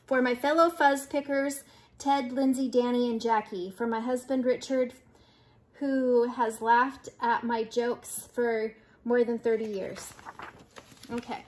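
A woman's voice: on the high side, fairly even intonation, slow. An older woman, a grandmother, reading a children's picture book aloud with playful voices for the animals.

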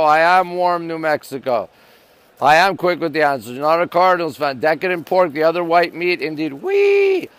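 A man's voice: a little high, fairly bright tone, clear, resonant tone, no echo. A man from Canada live-streaming from a rooftop at night, reading viewer comments and greeting them one after another in an upbeat way. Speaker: livestream host. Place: rooftop deck in the city, outdoors at night. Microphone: phone held at arm's length.

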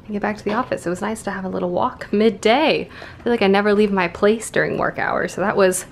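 A young woman chats to her camera at home in an upbeat, rambling way, full of fillers. Her voice sits at a middle pitch. A faint hum of noise runs underneath. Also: fast, vocal fry. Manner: chatty, upbeat, filler-heavy. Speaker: booktube vlogger. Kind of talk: casual vlog chat.

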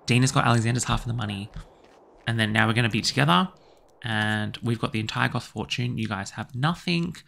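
A man's voice: medium pitch, brisk, creaky, pushed and bright. A man voicing a greedy cheating husband who shrugs off the betrayal. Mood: gloating.

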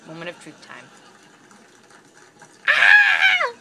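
A woman's voice: medium pitch, normal speed. Gushing woman in a noisy unboxing vlog. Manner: gushing, squealing with excitement. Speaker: model horse collector. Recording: noisy home camera audio.

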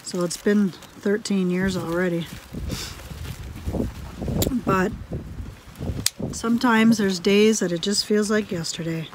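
A woman homestead vlogger chatting casually while doing crafts at home. She laughs often and drifts into quiet asides as she works. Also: medium pitch, steady tone, slow pace, long pauses, background noise.

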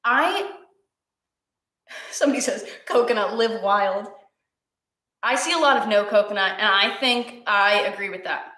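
A woman's voice: mid-range voice, moderate pace, long pauses, bright, forceful tone, roomy sound. A young woman hosting a live-streamed cooking class, chatty and encouraging with her viewers, teary and sniffly from cutting onions.

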